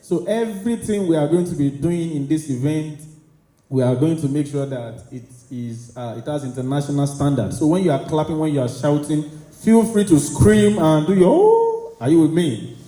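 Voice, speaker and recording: Man, event MC, call-and-response hype, dark mellow tone, echoey hall. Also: on the high side, moderate pace. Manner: rousing call-and-response, urging applause. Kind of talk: hyping a conference crowd. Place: conference hall.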